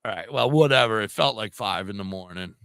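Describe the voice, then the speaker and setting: Older male podcast co-host, very gravelly, animated and laughing storyteller. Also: on the low side, brisk, no room sound. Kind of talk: casual storytelling chat.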